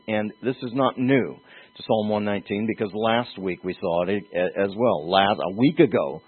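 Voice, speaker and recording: A man preaching a sermon as pastor, earnest and emphatic, with pauses and restarts. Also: on the low side, slightly rough. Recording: tinny phone-like lo-fi sound.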